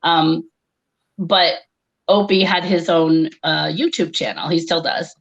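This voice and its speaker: Woman telling a funny sad story, wry, laughs a lot, kinda lower voice, muffled audio. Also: fairly even intonation, slow. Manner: wry, laughs often, frequent ums. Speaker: conference speaker, comedian. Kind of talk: conversational storytelling. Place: live online conference.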